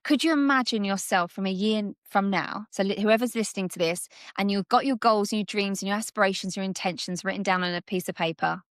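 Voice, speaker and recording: A woman coach speaks at an ordinary middle pitch, explaining how thoughts and emotions work in a chatty, animated way. She slips into quick voices for little scenes. The sound is close and dry, with no room echo. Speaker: subconscious coach guest. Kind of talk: conversational coaching chat.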